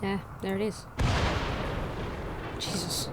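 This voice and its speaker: A woman casually commenting on her gameplay, reading game text aloud in a chatty way with sudden excited outbursts. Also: mid-range voice, a little slow, very noisy. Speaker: let's play gamer.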